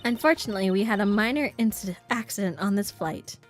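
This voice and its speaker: A woman's voice: mid-range voice, lively intonation, fast talker, soft background music, close to an everyday voice. A woman voicing a stern, officious female flight attendant who speaks in a formal, stiff announcing manner.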